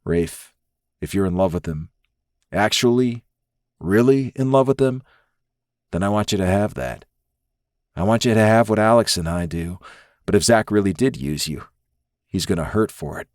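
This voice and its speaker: A man voicing a calm, protective male friend from a mob family, who asks steady, probing questions. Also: lowish voice, normal speed, long pauses, no room sound, clean studio sound, natural voice.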